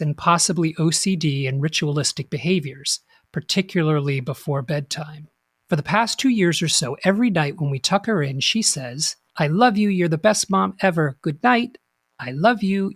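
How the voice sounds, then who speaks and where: A podcast co-host talking calmly and reading a listener's letter aloud. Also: mid-range voice, no echo, studio quality.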